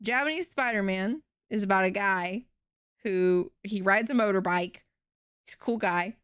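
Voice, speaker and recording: A young woman streaming, retelling a show in an animated, rambling way with casual swearing. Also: medium pitch, normal speed, clear, resonant tone, no room sound, clean studio sound. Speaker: VTuber streamer.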